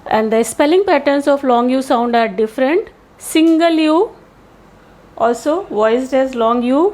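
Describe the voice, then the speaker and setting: Slow, high-voiced woman teaching vowels. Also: darkish tone. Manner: slow, careful explanation with sounds spoken out. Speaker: English teacher. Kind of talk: pronunciation lesson.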